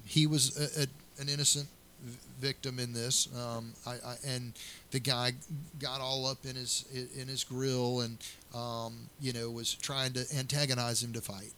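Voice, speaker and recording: Earnest bright-voiced sheriff. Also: male voice, medium pitch, slight background noise. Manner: earnest, storytelling with many restarts. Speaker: county sheriff. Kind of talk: interview answers.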